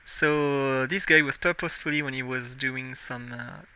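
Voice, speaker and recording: A man's voice: medium pitch, fairly even intonation, normal speed, sharp tone, clean tone. A young man in his twenties with a French accent, a native French speaker chatting casually on a live game stream, musing aloud and correcting himself as he plays. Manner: musing aloud while playing, self-correcting.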